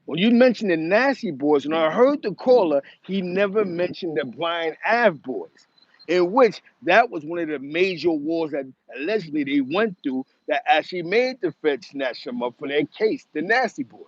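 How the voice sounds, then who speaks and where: A man's voice: a little high, lively intonation, normal speed, no room sound. Rambling New man, muffled dry sound. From the Bronx, New York. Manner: rambling and emphatic, with many restarts and asides. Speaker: host. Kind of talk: casual commentary monologue.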